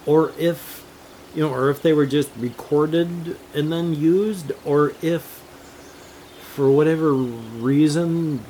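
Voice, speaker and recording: An older man talking in a slow, rambling, casual monologue about games, drifting from topic to topic and chuckling now and then. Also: a little high, dark tone, slight background noise. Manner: slow, meandering, jumps between topics with chuckles. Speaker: gaming vlogger.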